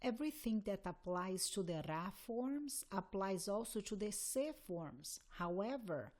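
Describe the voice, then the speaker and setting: Slow, deliberate woman Spanish teacher. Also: mid-range voice. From Spain. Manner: deliberate, reads out conjugation lists one by one. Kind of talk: recorded grammar lesson.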